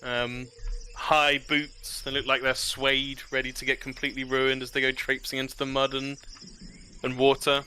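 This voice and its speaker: Bright-voiced man running a tabletop game. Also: medium pitch, monotone, normal speed, slight background noise. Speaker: game master.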